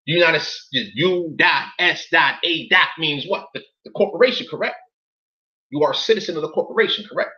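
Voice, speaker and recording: A man's voice: fairly high pitch, brisk, bright, forceful tone, highs cut off. A man reading documents aloud in casual commentary to viewers, incredulous and profane, often stopping to ask them questions.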